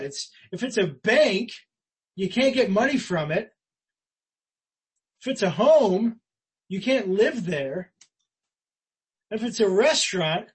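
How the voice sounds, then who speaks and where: A man preaching a sermon as pastor, earnest and conversational, rising for emphasis and dropping quiet. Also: high-pitched, expressive, slow pace, pauses often, breathy edge, poor audio. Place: church.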